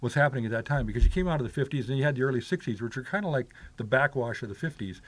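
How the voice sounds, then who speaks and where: An older man reminisces at a brisk, quick clip, piling up filler words and restarting his sentences. His voice sits at an ordinary middle pitch, and the talk is loose and conversational. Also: no echo. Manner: rambling, many filler "like"s and restarts. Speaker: guest. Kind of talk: casual storytelling chat.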